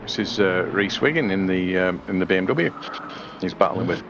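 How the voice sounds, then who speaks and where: A man's voice: deep voice, expressive, moderate pace, gravelly, highs cut off, noisy background. A man doing live sim racing commentary in a chatty, rambling way with lots of fillers.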